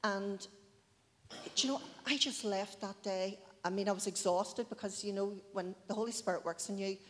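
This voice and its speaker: A woman's voice: mid-range voice, moderate pace. A woman in her forties giving a heartfelt, chatty personal testimony in church, with many asides. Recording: long hall reverb.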